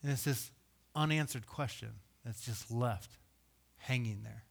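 A man preaching a sermon, reading scripture aloud and voicing questions, swinging from loud emphasis to hushed, low delivery. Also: a little slow, creaky. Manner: reads scripture aloud and voices imagined questions. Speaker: pastor.

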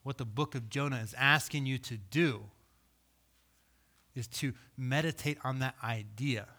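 A man preaching a sermon, reading scripture aloud and voicing questions, swinging from loud emphasis to hushed, low delivery. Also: measured pace. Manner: reads scripture aloud and voices imagined questions. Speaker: pastor.

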